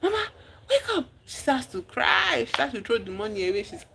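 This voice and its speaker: A streamer, recapping a movie in casual chat, telling the story with lively exclamations and acting out the characters' lines. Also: mid-range voice, brisk, gravelly, slight background noise. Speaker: livestream host.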